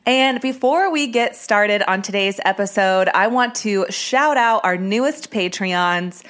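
A woman's voice: mid-range voice, expressive, a bit bright. A woman hosting a true-crime podcast, chatting casually and storytelling with a few ums. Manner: chatty, reads names quickly with filler ums. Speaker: podcast host.

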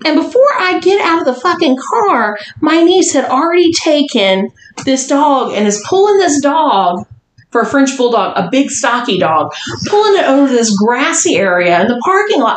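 A woman hosting a podcast tells a wild story, swearing freely and acting out the people in it. Her voice sits a bit high and swings widely in pitch. The room is echoing, with a faint hiss behind. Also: normal speed. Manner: profane, animated, quotes people. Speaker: podcast host. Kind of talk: casual storytelling. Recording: roomy echo, faint noise.

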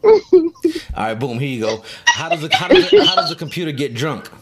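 A man's voice: medium pitch, huge pitch swings, brisk, a crowd in the background. A man hosting a casual chat, swearing often and laughing through his stories. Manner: profane, laughing storyteller. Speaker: host.

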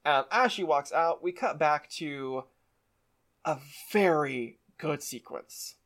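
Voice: medium pitch, slow, fairly bright tone. A podcast co-host casually recapping a show, retelling scenes with enthusiasm. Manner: enthusiastic retelling with quoted voices.

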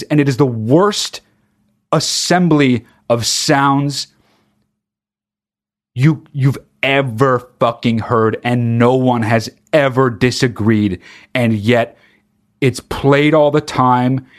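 Lively, profane man ranting comedically. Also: mid-range voice. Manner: profane, exasperated ranting with mock singing. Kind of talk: stand-up style comic rant.

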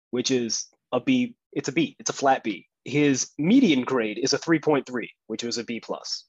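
A man's voice: mid-range voice, husky, dry recording, dull audio. A man hosting a podcast, delivering a blunt, profane, combative sports rant. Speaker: podcast host.

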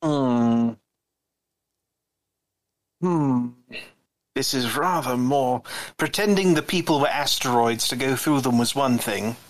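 A man's voice: medium pitch, slow pace, pauses often, no echo. A man playing a tabletop game, wry and thoughtful, with dry jokes. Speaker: player.

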